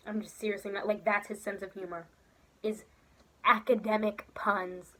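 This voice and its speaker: A woman's voice: medium pitch, steady tone, moderate pace, fairly bright tone. A young woman ranting on a casual vlog, emphatic and exasperated, who repeats her points for effect. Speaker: vlogger. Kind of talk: casual vlog rant about a film.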